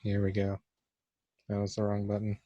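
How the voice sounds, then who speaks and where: A man's voice: fairly low pitch, completely flat delivery, moderate pace, no echo, dull audio. A young man giving casual let's-play commentary for a class vlog, awkward and joking at his own expense. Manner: awkward, self-mocking joking. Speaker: gamer doing a class vlog.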